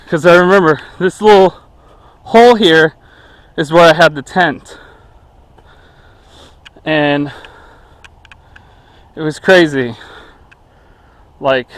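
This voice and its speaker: A man walking through woods and talking casually, out of breath, rambling with many fillers. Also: a little high. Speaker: vlogger. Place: outdoors in woods.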